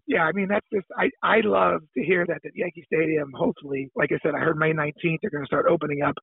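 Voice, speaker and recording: Guy phoning into a podcast, high gravelly voice, rambles and repeats himself, tinny line. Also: steady tone, quick pace, hardly any pauses, dry recording. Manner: rambling, repeats words while thinking. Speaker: podcast guest, former ballplayer. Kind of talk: phone-in interview chat.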